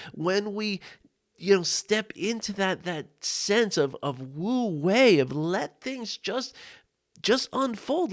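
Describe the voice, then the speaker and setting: A male life coach telling a personal story to camera, earnest and reflective, with frequent "you know" and "right?" asides and soft laughs. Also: high-pitched, no echo, studio quality. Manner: laughs often between thoughts. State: tearful at times.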